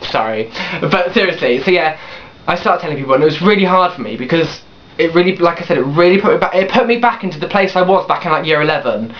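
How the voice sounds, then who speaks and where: Fast-talking teen guy, lo-fi webcam. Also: on the high side, expressive, slight background noise. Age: late teens. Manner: rambling, full of restarts and "obviously", blunt swearing. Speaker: vlogger. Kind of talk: casual confessional storytelling. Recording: dull lo-fi webcam recording.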